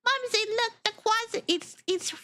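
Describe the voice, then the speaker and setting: A woman putting on the voice of an excited little child who whines and tattles. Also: very high-pitched, moderate pace, voice pushed up. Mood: alarmed.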